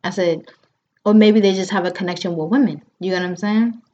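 Animated woman telling a story, lo-fi. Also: medium pitch, brisk. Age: 30s. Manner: animated, acts out quotes, frequent fillers. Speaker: podcast host. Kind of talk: casual chat, storytelling. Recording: dull lo-fi sound.

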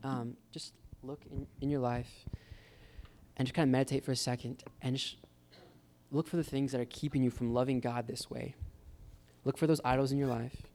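Gravelly man preaching a casual sermon. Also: mid-range voice, fairly even intonation, moderate pace, darkish tone. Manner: informal and encouraging, addresses listeners as guys. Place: church gathering with live guitar. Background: faint guitar.

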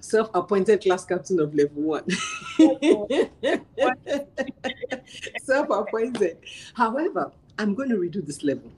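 A woman guest sharing her parenting experience in casual chat, telling animated stories, acting out dialogue and laughing often. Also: medium pitch, husky, rough recording.

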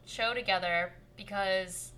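A young woman in her twenties hosts a podcast, teasing her guest playfully in easy, casual talk. Her voice sits at a middle pitch with a bright, forward tone. Faint noise hums underneath. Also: steady tone, slow pace. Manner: playful, teasing, laughs often. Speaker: podcast host.

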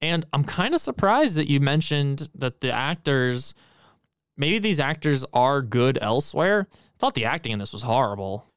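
A man's voice: medium pitch, very animated, normal speed, clean tone, no room sound, clean studio sound. A man co-hosting a podcast, giving a blunt, profane, emphatic movie critique in casual chat. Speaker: podcast co-host.

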